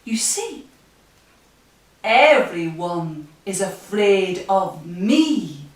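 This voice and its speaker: A woman's voice: very animated, very slow, recorded from a distance. A woman voicing a small, clever, boastful mouse in a storybook reading. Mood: cheeky. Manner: high squeaky voice, pleased with itself. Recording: echoey room, voice from off-mic.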